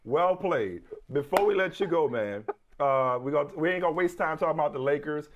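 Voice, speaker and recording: A man's voice: on the high side, expressive, fairly quick, highs cut off, background noise. A man co-hosting a sports talk show, playful and teasing, often restarting his words. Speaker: co-host.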